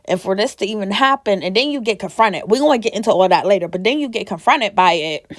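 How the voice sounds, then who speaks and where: A woman's voice: mid-range voice, animated, fast, no echo, clean studio sound. A young woman from Pennsylvania recapping a reality show in a sassy, gossipy, casual way, laughing often.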